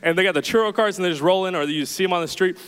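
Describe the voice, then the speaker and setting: A young man preaching to a congregation, telling a rambling, self-deprecating story in a chatty, animated way. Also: sits high, rapid-fire, clean tone. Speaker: pastor. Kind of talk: sermon with storytelling. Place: church hall with audience. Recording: reverberant hall.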